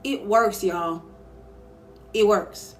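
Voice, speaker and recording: A young woman talks straight to her live-stream viewers from home, candid and emphatic as she gives advice. Her voice sits at a middle pitch for a woman. A faint hum of background noise runs under her phone recording. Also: extremely slow. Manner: candid, emphatic, reads viewer comments aloud.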